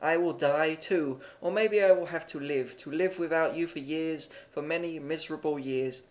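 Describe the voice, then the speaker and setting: A man's voice: a little high, normal speed, lightly acted. Man reading as a young woman in love, anxious and imploring, for an amateur audiobook. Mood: pleading.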